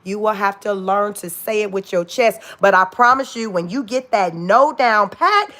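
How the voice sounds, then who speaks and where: A woman's voice: mid-range voice, lively intonation, moderate pace, a bit bright. A woman in her forties hosting a casual livestream, blunt and profane, often breaking into laughter. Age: 40s. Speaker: livestream host.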